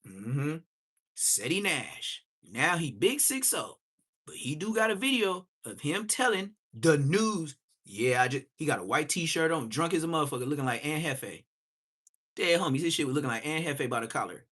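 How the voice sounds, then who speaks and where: A man on a live stream, animated and profane, mocking other streamers in roasting commentary. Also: a little high, moderate pace, husky.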